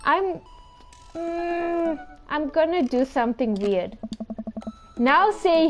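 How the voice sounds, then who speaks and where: A woman hosts a gaming video, reading a dating game's text aloud and adding playful, giggly, teasing commentary. Her voice is high and animated yet slow-paced, with faint music in the background.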